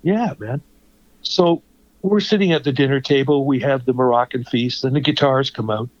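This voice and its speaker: A man's voice: mid-range voice, brisk, no room sound, dull audio. A man, a former radio host and songwriter, tells stories in conversation and acts out the people in them. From Toronto, Canada. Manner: animated storyteller, acts out the voices of people in his stories. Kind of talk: anecdotal storytelling in a conversation.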